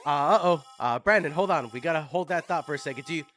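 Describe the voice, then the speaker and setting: A man's voice: on the high side, fast, fairly bright tone, faint music behind. A man hosting a podcast, chatting casually and upbeat, telling stories with filler words. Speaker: podcast host. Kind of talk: casual interview chat.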